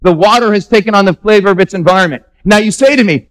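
A man's voice: high-pitched, fast, low-quality recording. A man pastor preaching a sermon in a church, conversational and emphatic, asking the congregation questions.

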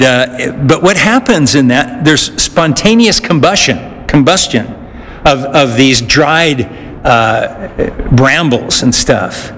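Slow, earnest male preacher in an echoey hall. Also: medium pitch, fairly bright tone. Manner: earnest, with frequent "uh" pauses and restarts. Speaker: pastor. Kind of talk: sermon. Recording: echoey hall, faint noise.

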